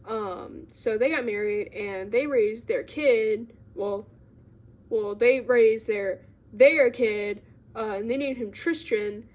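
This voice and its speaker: A woman's voice: a little high, takes it slowly, a little mellow. A young woman casually recapping a book she read, rambling with lots of fillers and giggly asides. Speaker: book vlogger.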